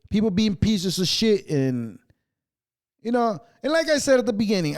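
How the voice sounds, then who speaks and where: A man's voice: on the high side, a little mellow. A man hosting a podcast, ranting casually in a profane, rambling way. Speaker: podcast host.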